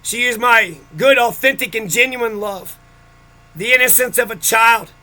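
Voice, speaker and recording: Guy ranting mad about his childhood, real high bright voice, cussing a lot. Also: unhurried. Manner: profane, bitter, ranting. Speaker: vlogger. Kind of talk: angry personal rant.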